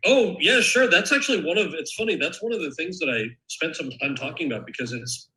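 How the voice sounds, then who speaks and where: Guest author, male, bright forceful tone, candid and thoughtful, moves from memoir reading to Q&A, keeps restarting sentences. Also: on the high side, animated, brisk, poor audio. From United States. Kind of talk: reading from his memoir, then answering questions. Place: event stage or panel, indoors.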